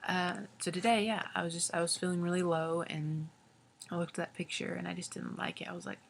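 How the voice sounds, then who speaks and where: An 18-year-old woman talking casually and earnestly about her faith, halting and rambling with many fillers, often dropping into soft half-whispers. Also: fairly low pitch, level tone, vocal fry, slight background noise. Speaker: faith vlogger. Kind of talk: casual confessional faith talk.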